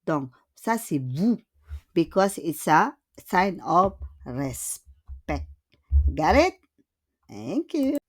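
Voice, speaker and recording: A woman's voice: fairly low pitch, sing-song, very slow, pauses often, husky. A woman teaching a French grammar lesson, patiently repeating words and checking in with "okay?".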